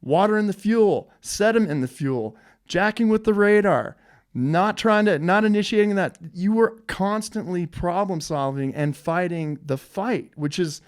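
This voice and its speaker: A male podcast host with a somewhat high voice who talks in an emphatic way and drives his points home by saying them twice. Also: unhurried. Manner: emphatic, admiring, repeats phrases. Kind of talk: interview conversation.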